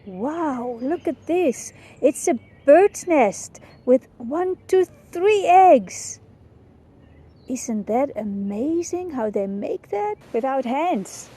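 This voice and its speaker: Older woman storyteller, high voice, animated picture-book reading. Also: drawn-out words. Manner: animated, expressive.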